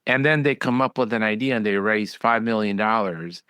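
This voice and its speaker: A man's voice: fairly low pitch, moderate pace, pushed and bright, clear, resonant tone, dry recording. A man who is a physician, hosting a podcast and chatting bluntly, acting out other voices when he tells stories. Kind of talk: casual interview chat.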